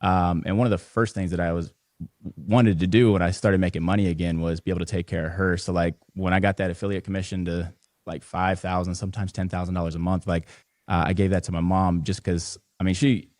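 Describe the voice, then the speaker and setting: A man with a notably low voice talks as a podcast guest, loose and rambling, full of fillers and restarts. The sound is dry and close, with no room around it. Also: flat delivery, brisk, a little mellow, no room sound. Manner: emotional, holding back tears. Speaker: podcast guest, business founder. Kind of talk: casual interview conversation.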